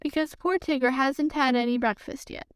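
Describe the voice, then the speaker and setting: A simple, kindly bear speaks in a gentle, unhurried way in a storybook reading, voiced by a woman. The voice is high and clear. The sound is dry and close. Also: fairly even intonation, dry recording, close to an everyday voice. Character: simple, kindly young male teddy bear.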